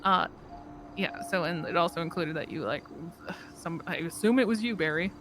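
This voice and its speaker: A middle-pitched voice tells a long, rambling story in character, quoting other people and breaking into short laughs as it goes. A faint hiss of noise hangs under the speech. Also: normal speed. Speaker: fellow roleplayer. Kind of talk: in-character roleplay chat.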